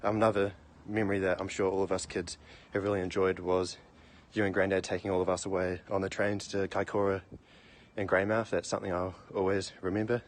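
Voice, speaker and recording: Breathless young NZ man, low flat voice, casual and offhand. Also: a little fast, slight background noise. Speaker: grandson.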